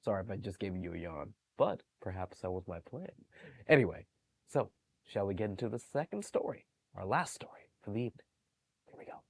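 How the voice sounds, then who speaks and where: A man working as a library storyteller, reading bedtime stories to young children in a gentle, animated way. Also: fairly low pitch, brisk, creaky, breathy edge.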